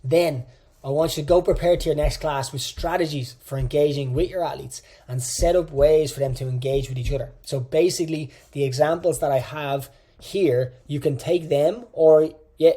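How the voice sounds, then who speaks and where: Husky and dark-toned, this slightly high male voice moves at normal speed. The speaker, a fitness coach, presents an online coaching course lecture casually and directly, repeating phrases to stress them.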